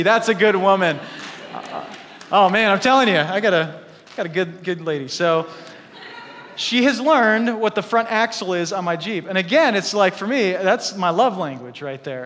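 High-voiced, animated man preaching. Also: big-room sound. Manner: animated, joking asides to the congregation. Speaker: pastor. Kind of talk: sermon. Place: church hall.

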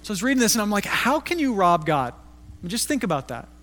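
A man's voice: sits high, big pitch swings, fast, fairly bright tone. A middle-aged man preaching a sermon as a pastor, telling stories in a conversational way. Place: church hall. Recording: long reverb of a church hall.

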